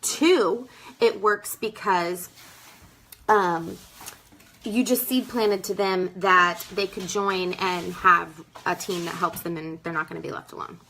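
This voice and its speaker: A woman's voice: fairly low pitch, steady tone, slow pace, gravelly, pushed and bright, slight background noise, rough recording. A young woman gives a casual, emphatic sales training talk, calling her listeners "girl" and acting out her customers. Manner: acts out customers in quoted voices. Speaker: direct sales team leader.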